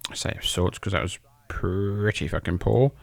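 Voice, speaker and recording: A man's voice: low-pitched, moderate pace, vocal fry, no echo. Dry, close-miked man calling matches casually. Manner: loose, joking and profane. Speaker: podcast host. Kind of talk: casual play-by-play commentary over old footage.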